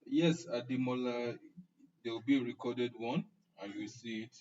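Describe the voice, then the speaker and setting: A young Nigerian man teaches an online class, chatting casually with his live-stream audience and joking as he answers their comments by name. His mid-range voice is steady and somewhat dark, at a normal speed. The stream audio sounds muffled and distant.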